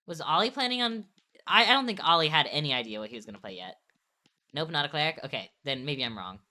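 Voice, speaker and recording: Low-voiced woman chatting on a stream. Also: lively intonation, quick pace, pushed and bright. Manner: rambling, self-correcting, laughs often. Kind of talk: casual chat while drawing on stream.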